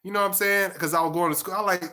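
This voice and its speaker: A man hosting a livestream, chatting casually and warmly with viewers. His voice sits a little high and sounds bright and forceful. His talk loops and repeats, full of slang and fillers. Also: steady tone, very fast. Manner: loose, repetitive, affectionate slang, many fillers. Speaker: livestream host.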